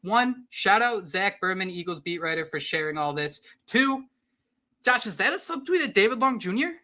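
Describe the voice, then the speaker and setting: A man co-hosting sports talk radio, animated and opinionated in casual chat. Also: high-pitched, moderate pace.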